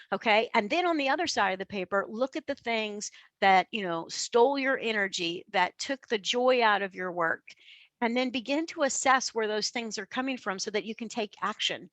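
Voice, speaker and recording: A woman coach giving a keynote to an online conference, with energetic, conversational delivery. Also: fairly high pitch, no room sound. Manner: energetic, conversational, acts out voices.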